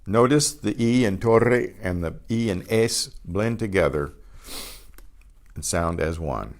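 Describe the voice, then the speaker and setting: Male language teacher with a lowish voice, slow and patient, repeats phrases, clears his throat now and then, on a video call. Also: animated. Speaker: Spanish teacher. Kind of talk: online beginner language lesson.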